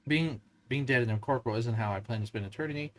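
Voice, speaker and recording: A man's voice: mid-range voice, quick pace, fairly bright tone, natural voice, poor audio. A man with a Southern US accent reading aloud the lines of a dead male wizard ghost bound to a soul gem, stumbling at times.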